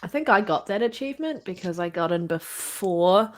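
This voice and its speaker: A woman with a New Zealand accent and a lively, swooping voice, chatting as a podcast co-host. She teases her co-host playfully and laughs often. Her pitch sits in the middle range. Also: normal speed. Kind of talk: casual chat.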